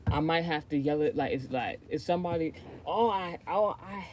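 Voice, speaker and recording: A woman's voice: deep voice, moderate pace, darkish tone, a little hiss or hum. A woman from the United States talking casually on a livestream as a tarot reader, rambling and swearing freely. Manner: rambling, profane, chatty, often trailing off and restarting.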